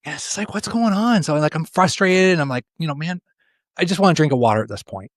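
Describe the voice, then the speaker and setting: A man's voice: fairly high pitch, lively intonation, quick pace, dry recording, studio quality. A middle-aged man, an executive coach, talking in a conversational interview and telling a personal story with many repeated words.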